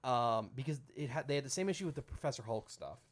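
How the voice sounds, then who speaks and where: Rambling and frequently correcting himself, a young podcast co-host talks in a casual chat. He speaks fast in an animated, medium-pitched voice.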